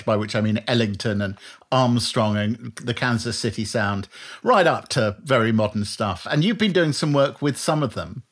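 A man hosting an interview, setting up his questions with background detail in an easygoing, conversational way. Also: medium pitch. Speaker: interview host.

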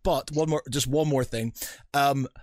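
Animated man telling stories. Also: medium pitch, measured pace, dry recording, clean studio sound. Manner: animated storyteller, swears, acts out quotes. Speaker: podcast co-host. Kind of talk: casual podcast chat.

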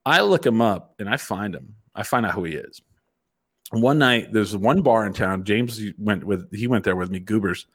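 Middle-aged man, casual storyteller, lively swooping pitch, lowish voice, swears a lot. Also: normal speed, slightly rough. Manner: profane, animated storytelling.

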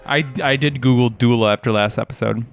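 A man co-hosting a casual podcast, a doctor who cracks deadpan absurd jokes. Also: medium pitch, fairly quick, vocal fry, smooth, soft background music. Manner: joking, deadpan absurd humor. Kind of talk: casual chat.

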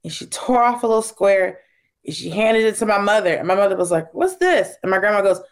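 A woman comedian talking casually as a guest and telling stories, acting out family members in quick, shifting voices. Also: mid-range voice. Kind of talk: casual interview storytelling.

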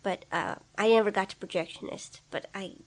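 A woman's voice: mid-range voice, a little fast. A woman in casual conversation, telling stories in a laid-back way and reacting with easy laughter. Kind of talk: casual chat.

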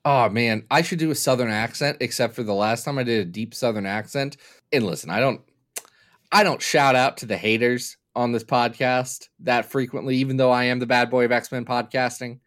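A man who grew up in Kentucky co-hosts a casual podcast chat. His voice sits at a middling pitch. He jokes freely and slides into long, lecturing explanations. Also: steady tone, normal speed, a bit bright. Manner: joking, prone to long explanatory tangents. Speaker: podcast co-host.

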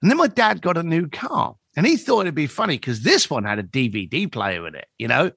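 A man talking as a podcast guest, spinning a story and voicing the people in it. His voice sits fairly high and moves a lot in pitch. The recording is close and dry. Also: fairly quick, creaky, breathy edge, no room sound. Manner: animated storyteller who acts out quoted dialogue.

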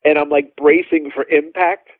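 A male drummer telling animated stories as a podcast guest, with lots of fillers and restarts. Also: fairly high pitch, moderate pace, no room sound. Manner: animated, laughing storyteller, many fillers. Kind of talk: casual storytelling interview. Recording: dry phone-like line.

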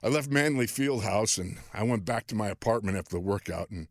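A man in his sixties from Western New York, a podcast host and former football player telling a story in an animated, self-deprecating way, often chuckling. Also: fairly low pitch, brisk, no echo, clean studio sound. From Western New York, USA. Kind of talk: storytelling monologue.

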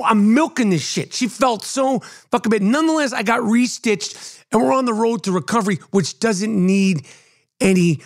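A man's voice: high voice, moderate pace. A man hosting a podcast, telling a profane comic story and acting out the people in it. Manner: animated, swearing, acts out voices in his stories. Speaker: podcast host.

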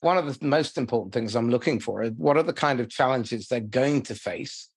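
Husky man, measured interviewer. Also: mid-range voice. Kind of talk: interview questions.

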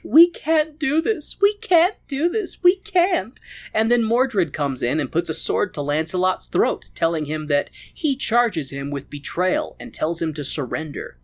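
A podcast host recapping a story in an irreverent, comedic way with frequent laughter. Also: mid-range voice.

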